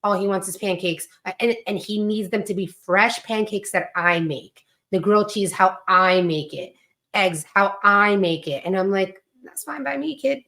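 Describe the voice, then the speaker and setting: A chatty woman talking about family life on a podcast. Her voice sits at a middling pitch and turns animated whenever she mimics her children. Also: moderate pace. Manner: chatty, animated when quoting her kids. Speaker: podcast co-host, mother. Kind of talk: casual chat.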